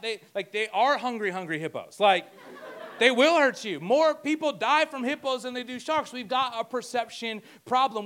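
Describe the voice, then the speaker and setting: A man's voice: high-pitched, a bit bright. A man preaching a conversational sermon as pastor, joking and talking asides to himself.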